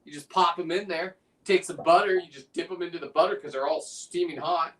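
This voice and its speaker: High-voiced man talking away from the mic. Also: fairly quick, a bit bright, distant mic. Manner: chatty, rambling, demonstrating as he works. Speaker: guest on a fishing livestream, lobster preparer. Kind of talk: casual chat while demonstrating.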